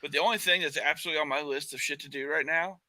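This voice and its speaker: A man co-hosts a casual podcast, full of jokes and animated bits, with frequent swearing. His voice sits fairly high and sounds very bright and sharp. The recording is dry, with no room echo. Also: rapid-fire. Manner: joking, animated, profane. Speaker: podcast co-host. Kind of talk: casual chat.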